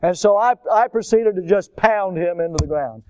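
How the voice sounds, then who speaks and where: A middle-aged man, preaching a storytelling sermon and acting out voices and shouts from his tales. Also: high voice, normal speed, slight background noise. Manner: animated, acts out voices and shouts in stories. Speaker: preacher at a school chapel.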